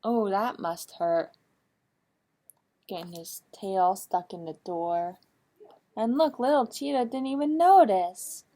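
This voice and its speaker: A woman librarian reading a picture book aloud at children's story time, asking the young listeners animated, coaxing questions. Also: medium pitch, slow, pauses often. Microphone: streamed live.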